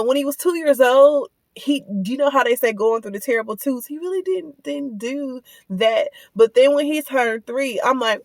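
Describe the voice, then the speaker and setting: A woman, a mother telling viewers a story in a casual rant, animated and full of asides, recorded on a phone in her car. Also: medium pitch, gravelly, no room sound. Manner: animated, lots of asides and direct address to viewers. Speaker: vlogger and mother. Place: in a car, on the way to pick up kids.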